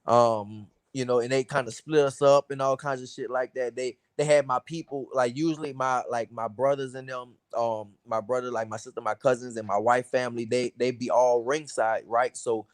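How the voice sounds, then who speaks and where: A laid-back American man talks in a loose, slangy way, full of "you know what I'm saying". His voice sits at a middle pitch, and the sound is dry and close with no room around it. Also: steady tone, moderate pace, hardly any pauses, no room sound. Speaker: boxer, interview guest. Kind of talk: casual chat.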